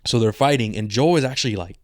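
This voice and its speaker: A man's voice: mid-range voice, lively intonation, fast talker, a little mellow, dry recording, clean studio sound. A man co-hosting a podcast in casual chat, rambling in slang and retelling scenes with quoted lines. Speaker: podcast co-host.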